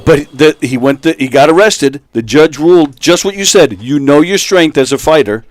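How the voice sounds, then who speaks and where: Halting man telling a story on a podcast. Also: a little high, animated, no echo. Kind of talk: casual chat.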